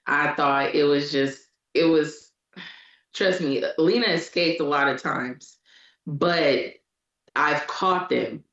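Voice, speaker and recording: A woman's voice: sits low, slow, fairly bright tone. A woman, a parent co-hosting a podcast, telling a personal story candidly in casual chat. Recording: echoey room, dull lo-fi sound.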